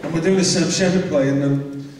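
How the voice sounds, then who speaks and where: A man's voice: on the high side, fairly even intonation, brisk, crowd noise. Male panel guest, meandering anecdote, long hall reverb, distant pickup. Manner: rambling, hesitant storyteller. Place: large convention hall. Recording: echoey hall recorded from far off.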